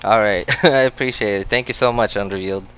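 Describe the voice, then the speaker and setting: A man's voice: lowish voice, fast talker, a bit bright, clear, resonant tone. Chatty Filipino man streaming a game. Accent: American. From Philippines. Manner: chatty, reacts aloud and answers chat. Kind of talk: gameplay livestream commentary.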